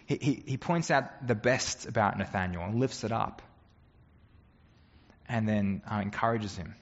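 A man's voice: lowish voice, measured pace, long reverb tail, dull audio. A man preaching a sermon as a pastor, conversational and earnest, often asking the congregation rhetorical questions.

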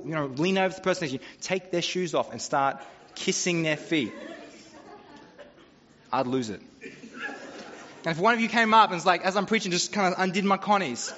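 A man preaches to his congregation, mixing jokes and anecdotes in an easy, conversational way. His voice sits a touch high. The recording is a bit dull and carries the long echo of a church hall. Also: a bit bright, slight background noise. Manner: humorous, conversational storytelling. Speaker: pastor. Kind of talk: sermon.

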